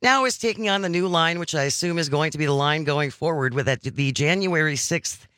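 A man's voice: fairly high pitch, a little fast, bright, forceful tone, dry recording. A man hosting a radio talk show, speaking conversationally and earnestly, laying out his points one by one in a studio. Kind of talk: casual political talk.

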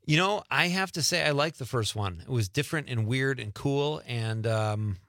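Bright-voiced male radio host. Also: medium pitch, lively intonation, normal speed, no echo, clean studio sound. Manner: friendly, jokey, reads listener messages. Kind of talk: casual radio interview chat. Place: radio studio.

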